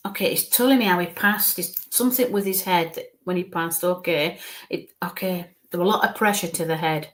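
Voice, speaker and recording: A woman medium giving a live spirit reading, talking in halting bits and murmuring soft coaxing asides. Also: fairly low pitch.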